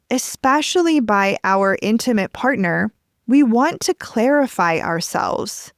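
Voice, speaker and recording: Podcast host, woman, gentle and measured advice delivery, dry close studio sound. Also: on the high side, no echo. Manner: gentle, measured, acts out example phrases. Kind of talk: calm advice monologue.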